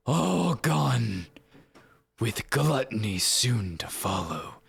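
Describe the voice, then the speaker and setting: A man voicing a wrathful, grandiose male angel in a slow, menacing, raspy declamation. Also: mid-range voice, dry recording, pitched above the performer's own voice, heavily acted. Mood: brooding. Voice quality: raspy, gravelly. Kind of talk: live-streamed voice acting.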